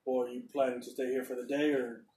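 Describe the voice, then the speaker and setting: A man's voice: mid-range voice, little pitch movement, fast talker, mellow, far from the mic. A man narrating as game master in a rambling, hesitant way. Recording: roomy echo, off-mic.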